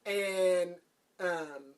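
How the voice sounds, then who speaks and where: A woman's voice: fairly low pitch, very slow, a little mellow. A woman podcast host casually recapping a book's plot, chatty and laughing, with lots of "like". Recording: voice a bit far from the mic.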